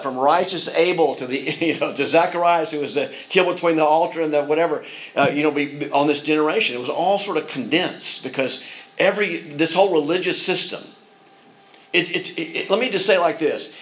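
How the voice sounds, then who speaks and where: Male pastor, mid-high voice, earnest sermon delivery full of restarts and asides. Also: low-quality recording.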